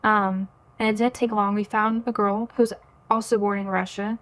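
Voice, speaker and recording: A woman in her twenties, a guest on a podcast, shares her personal faith story in an earnest, chatty way. Her medium-pitched, slightly bright voice moves little in pitch at normal speed, and she fills her talk with "like" and often quotes her own inner thoughts.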